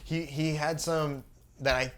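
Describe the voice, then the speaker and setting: Laid-back young podcast co-host. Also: male voice, a little high. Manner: relaxed, easygoing, halting with fillers. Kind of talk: casual sneaker chat.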